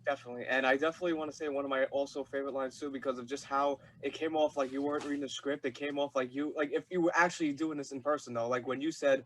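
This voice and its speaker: A man's voice: on the high side, fairly even intonation, fast talker, no echo, rough recording. A young man hosting an interview, asking questions in an eager, fan-like way full of "like" and "uh". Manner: eager, fan-like, many fillers. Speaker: podcast host. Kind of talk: casual interview chat.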